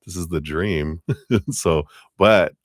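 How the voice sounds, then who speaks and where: Deep-voiced giggly tarot streamer man. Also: slow pace, dry recording, clean studio sound. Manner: chatty, laughs often, giddy. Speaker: tarot reader hosting a live stream. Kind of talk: casual live-stream chat.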